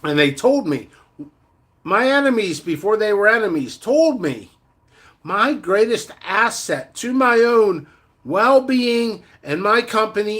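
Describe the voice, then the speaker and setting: A man's voice: high voice, a bit bright. A middle-aged man who sells seeds, ranting angrily in a vlog with a lot of profanity, blunt and rambling. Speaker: seed vendor. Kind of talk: vlog rant to camera.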